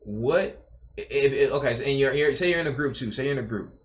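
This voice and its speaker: A man's voice: medium pitch, a little fast. A young man streaming, reacting casually to a video, rambling and repeating himself while swearing and talking to his chat. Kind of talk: casual live reaction commentary.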